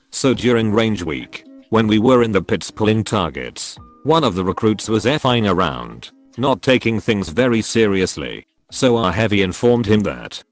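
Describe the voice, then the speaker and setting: A man reading online stories aloud in an even, deliberate scripted narration. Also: fairly low pitch. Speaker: story narrator. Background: background music.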